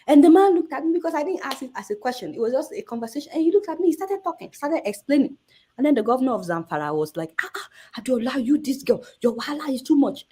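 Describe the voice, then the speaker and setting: A Nigerian woman journalist in her thirties, an interview guest telling a story with lively energy and acting out the voices in it. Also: on the high side, husky.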